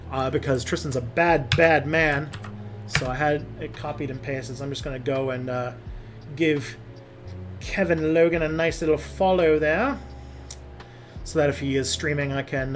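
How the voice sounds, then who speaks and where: A man's voice: a little high, slight background noise. A young man hosting a casual livestream, reading viewer comments and rambling with many fillers and restarts. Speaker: livestream host.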